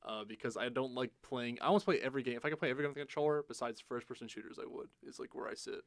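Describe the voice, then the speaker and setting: Young male co-host, casual and animated, acts out quotes, swears freely, dry sound. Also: mid-range voice, rapid-fire, vocal fry, dry recording. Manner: animated storytelling, acts out quotes in silly voices. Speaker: podcast co-host. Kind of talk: casual chat.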